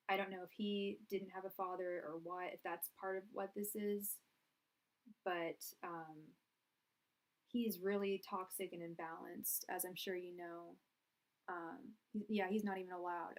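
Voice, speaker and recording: A young woman doing a live tarot reading, chatty and rambling, full of fillers and restarts, projecting her voice. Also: fairly low pitch. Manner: projecting loudly so the audio carries. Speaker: tarot reader.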